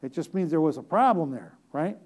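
A man's voice: on the high side, expressive, fairly quick. A man preaching a conversational sermon, talking directly to the congregation with repeated phrases and joking asides.

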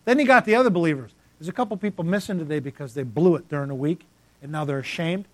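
A man's voice: a little high, quick pace, no echo. A man preaching a sermon as pastor, emphatic and repetitive, calling out congregants by name.

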